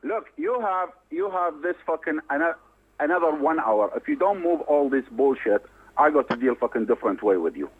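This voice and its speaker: Brief: high-pitched man, menacing, cursing, heard over a thin phone line. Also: animated, moderate pace. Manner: threatening, broken English, sweary. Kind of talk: heated phone argument.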